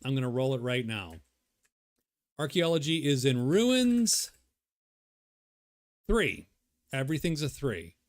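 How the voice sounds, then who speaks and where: A man's voice: mid-range voice, sing-song, takes it slowly, long pauses, no echo, studio quality. A man thinking aloud as he plays a solo board game, rambling and muttering to himself. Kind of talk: casual solo playthrough commentary.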